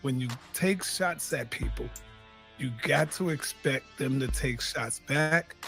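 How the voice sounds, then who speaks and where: A man moderating a live online debate show, firmly and repeatedly telling his guests to calm down. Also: mid-range voice, slow pace, faint music behind. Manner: repeatedly tells others to calm down, soothing but firm.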